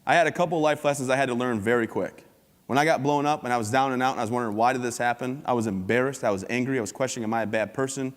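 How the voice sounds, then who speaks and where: A man's voice: medium pitch, very fast. A man tells his story to a conference crowd with easy humor and an upbeat, joking manner. His voice sits in the middle range. Long reverb from the large hall trails after each line. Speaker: keynote speaker. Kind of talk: humorous motivational talk.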